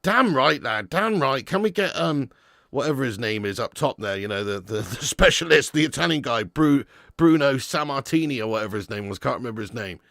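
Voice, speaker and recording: Bantering with viewers and reading their super chats, a football channel host streams a live match and flares up in mock outrage at players. His medium-pitched voice is animated and a little fast, recorded dry at studio quality.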